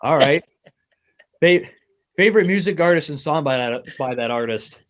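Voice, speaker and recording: A man's voice: fairly high pitch, animated, moderate pace. A man with an American accent hosting a sports talk show, putting questions to his guest in a friendly, eager way. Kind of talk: casual interview.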